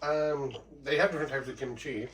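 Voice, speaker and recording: A young man giving short, low-key replies while eating in a home kitchen. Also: fairly even intonation, brisk, slight background noise, rough recording. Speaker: son of the host. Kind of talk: casual chat.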